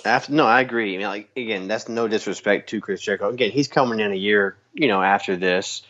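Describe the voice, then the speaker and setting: Casting: male podcast co-host, lower voice, animated rants, muffled lo-fi audio. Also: fast. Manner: animated ranting, laughs often. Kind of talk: casual chat. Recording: dull lo-fi sound.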